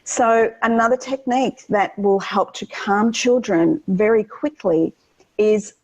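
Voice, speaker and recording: A woman guest in an interview, explaining calming techniques for children in an earnest, teacherly way, often pausing with ums and restarting her sentences. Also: medium pitch, highs cut off. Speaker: guest educator on children's wellbeing.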